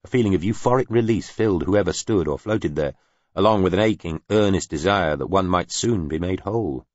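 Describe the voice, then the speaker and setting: A man narrating an audiobook in an even, measured reading. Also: low-pitched, no room sound, lo-fi sound. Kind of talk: scripted narration.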